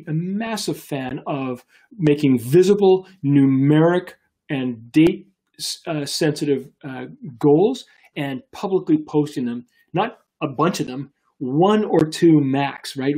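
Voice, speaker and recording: A man in his fifties, a business coach hosting a live show, telling a story in a chatty, animated way with many fillers and restarts. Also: fairly high pitch, husky.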